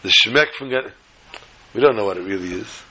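A man's voice: fairly low pitch, moderate pace, sharp tone, slight background noise. A man giving a storytelling talk to a small gathering, folksy and fond of joking asides.

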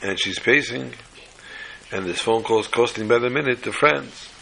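A man's voice: mid-range voice, vocal fry, pushed and bright, a little hiss or hum, poor audio. A man telling folksy stories and jokes in a casual way, dropping Yiddish and Hebrew phrases and acting out the dialogue. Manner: acts out dialogue with quick quoted voices. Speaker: storyteller. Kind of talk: casual storytelling talk.

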